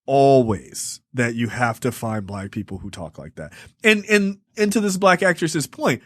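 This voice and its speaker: A man co-hosting a casual film review podcast, animated and profane, laughing often and slipping into mimicked voices. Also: mid-range voice, a little slow, few pauses, no echo, studio quality. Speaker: podcast co-host.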